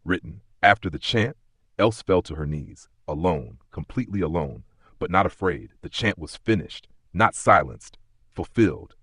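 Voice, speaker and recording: A man narrating an audiobook in a measured, solemn way, with many pauses. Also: sits low, animated, a bit bright, breathy edge, no echo, clean studio sound. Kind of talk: scripted narration.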